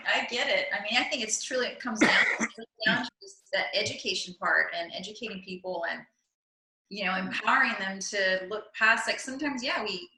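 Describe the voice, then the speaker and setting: Bright-voiced woman in an echoey room. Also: medium pitch. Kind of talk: casual chat. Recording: roomy echo.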